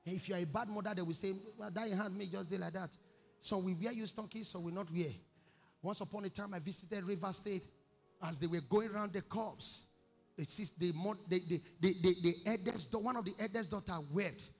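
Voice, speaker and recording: A Nigerian man preaching in a high, carrying voice. He swings into shouts and song as he speaks. The sound is from a long-reverb hall with faint music behind him. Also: brisk, creaky, slightly rough. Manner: animated preaching, shouting out acted quotes, breaking into song. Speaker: pastor. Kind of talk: sermon. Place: church.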